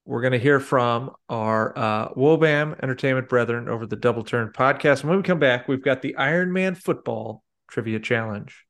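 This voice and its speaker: A man with a gravelly voice hosts a casual podcast chat. He rambles, restarting sentences and leaning on fillers as he talks. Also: mid-range voice, normal speed, few pauses, a bit bright. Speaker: podcast host.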